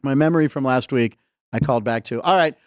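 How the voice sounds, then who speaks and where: A man's voice: medium pitch, fast, no room sound, clean studio sound. A man hosting a casual sports comedy show, chatty and jumping between topics, laughing often. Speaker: host. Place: live studio show.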